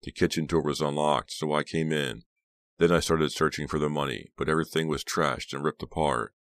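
A man's voice: rumbling low, fairly even intonation, fairly quick, a bit bright, no echo. A man voicing a groggy, injured teenage boy who groans through his story.

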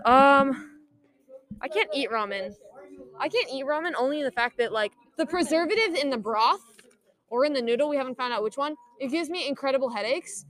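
A woman's voice: sits high, fairly bright tone. A teenage girl hosting a casual podcast, giggly and rambling with lots of ums. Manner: giggly, rambling, filler-heavy. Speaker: podcast host. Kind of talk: casual chat.

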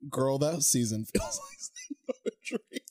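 A man's voice: medium pitch, huge pitch swings, a little slow, darkish tone, husky. A man co-hosting a podcast, chatting casually and laughing often. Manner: laughs often, playful banter. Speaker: podcast co-host. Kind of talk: casual chat.

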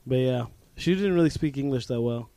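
A man's voice: medium pitch, a little fast. A young man hosting a casual podcast chat, telling stories with lots of laughter and swearing. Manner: laughing, swearing, animated storytelling. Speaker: podcast host.

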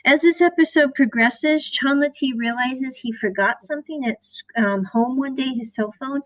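A woman from the American Midwest, casually recapping a series as a podcast host, animated and chatty as she retells scenes. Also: high voice, moderate pace. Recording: dull lo-fi recording.

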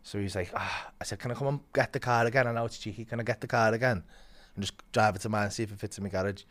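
A man's voice: on the low side, fairly even intonation, very fast. Swearing man telling a story. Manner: swears a lot, acts out quotes with big swings in loudness. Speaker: comedian guest. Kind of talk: animated storytelling.

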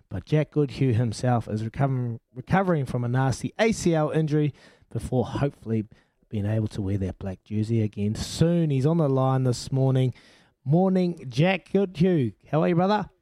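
A man's voice: medium pitch, normal speed, warm tone, dry recording. A man with a New Zealand accent hosting a radio show, chummy and calling everyone mate. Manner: chummy, calls people mate. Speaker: radio host. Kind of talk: casual radio chat.

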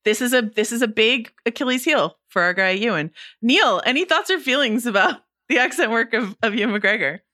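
A woman with a bright, forward voice that sits a little high. She co-hosts a movie podcast and talks in a playful, teasing way, laughing easily. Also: animated, a little fast, hardly any pauses. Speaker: podcast co-host. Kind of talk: casual podcast chat.

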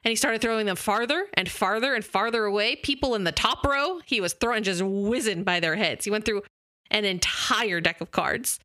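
A woman's voice: mid-range voice, moderate pace, pushed and bright, no room sound, studio quality. A woman co-hosting a podcast, retelling a story in casual chat with filler words and laughs. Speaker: podcast co-host.

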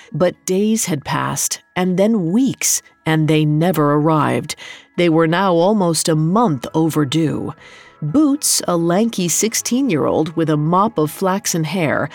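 Woman storyteller, low voice, steady scripted narration over faint music.

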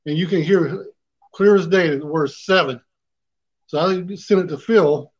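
Higher-voiced man with colloquial speech. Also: measured pace, husky, highs cut off. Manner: plain, colloquial speech with nonstandard grammar. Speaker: paranormal investigator. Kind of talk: casual storytelling.

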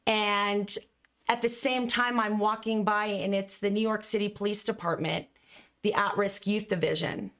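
A middle-aged woman, a communication coach, telling her stories in an expressive, animated way and laughing now and then. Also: mid-range voice, moderate pace. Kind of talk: conversational storytelling.

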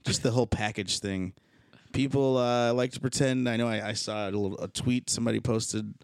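A man's voice: medium pitch, steady tone, brisk, smooth, dry recording, studio quality. A man telling stories in a casual podcast chat, laughing often between lines.

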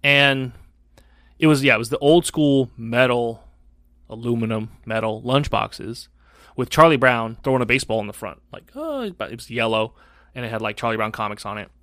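A man in his forties, a podcast co-host telling a story in casual chat, animated, swearing freely and acting out voices. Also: medium pitch, normal speed, no echo, studio quality.

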